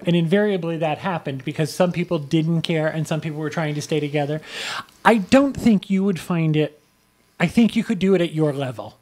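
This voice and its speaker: A man's voice: on the high side, a little fast, a little mellow. A man on a travel podcast panel who tells stories in a chatty, teasing way. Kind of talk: casual panel chat.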